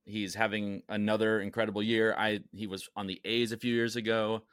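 A man's voice: fairly low pitch, level tone, brisk, fairly bright tone, clear, resonant tone, no echo, clean studio sound. A man co-hosting a casual podcast, explaining things in an upbeat, enthusiastic way. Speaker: podcast co-host.

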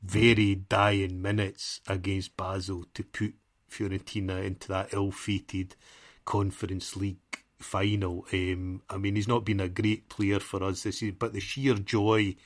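A man's voice: deep voice, level tone, measured pace. A man co-hosting a football podcast, chatting casually in a rambling, self-deprecating way and laughing often. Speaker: podcast co-host.

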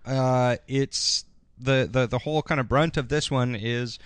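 A man's voice: mid-range voice, fairly even intonation, unhurried, clean tone, no echo. Rambling, laughing man recapping a show. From Canada. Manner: rambling, laughing, swearing, full of fillers. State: tired. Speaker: podcast co-host recapping an episode. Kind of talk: casual comedic recap chat.

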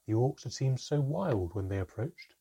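A man reading a first-person fantasy story aloud in an expressive storytelling manner. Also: mid-range voice, moderate pace, slightly rough. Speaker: audiobook narrator.

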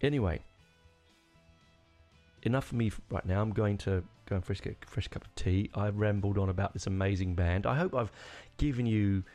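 A man's voice: on the low side, moderate pace, darkish tone, soft background music. A man hosting a podcast on his own, rambling enthusiastically with many restarts. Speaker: podcast host. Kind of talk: casual solo rambling.

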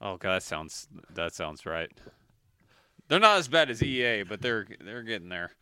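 A man co-hosting a casual video game chat, talking animatedly, swearing and jumping up in pitch to make a point. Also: normal speed, smooth, no echo. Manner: animated, swears, jumps up in pitch when emphatic. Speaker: podcast co-host.

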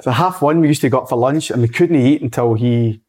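A middle-aged Scottish man, a former footballer, telling lively dressing-room stories in casual chat. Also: medium pitch, brisk. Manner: lively storyteller, acts out quotes.

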